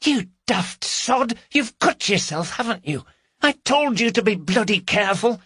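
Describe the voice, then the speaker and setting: A man voicing a jittery, foul-mouthed woman burglar who scolds her partner in a raised, shrill voice. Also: big pitch swings, unhurried, husky, no room sound, clean studio sound, exaggerated voice. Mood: scolding. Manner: shrill, swearing, panicky.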